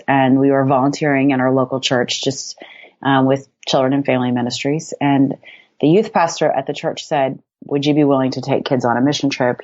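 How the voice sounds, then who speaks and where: A woman's voice: a bass voice, darkish tone, lo-fi sound. A middle-aged woman from Cincinnati, a ministry leader telling her story in a podcast interview and acting out quoted lines.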